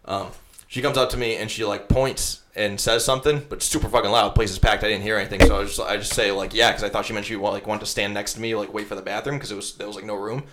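Fast-talking young man telling a story. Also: on the low side, fairly even intonation, fairly bright tone, slight background noise. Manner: rambling anecdote with frequent likes and profanity. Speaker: podcast host. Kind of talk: casual storytelling chat.

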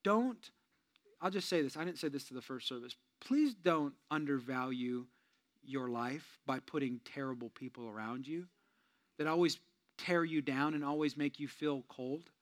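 A male pastor with a mid-range voice preaches a sermon at normal speed, telling stories. He swings lively between loud punchlines and hushed, earnest asides.

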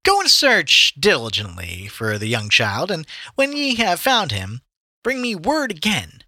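A man's voice: fairly high pitch, wildly swooping pitch, unhurried, bright, forceful tone, dry recording, voice pushed up, full character voice. A man putting on a scheming King Herod voice, played as a nerdy gangster. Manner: sly, half-mocking delivery.

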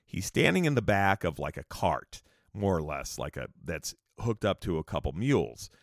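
A man's voice: sits low, sing-song, moderate pace, no echo, clean studio sound. A man hosting a podcast, telling a history story casually, rambling with restarts and asides. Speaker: podcast host.

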